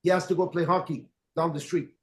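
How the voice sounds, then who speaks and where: A man's voice: a little high, fairly even intonation, brisk. A man who leads in network marketing, telling motivational stories in an emphatic, direct way and repeating his key points. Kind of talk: motivational storytelling talk.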